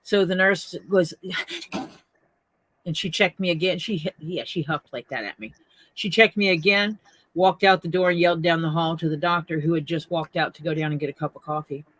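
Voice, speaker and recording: An older woman in a casual chat, telling lively stories. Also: lowish voice, normal speed, no room sound. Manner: lively, chatty storyteller.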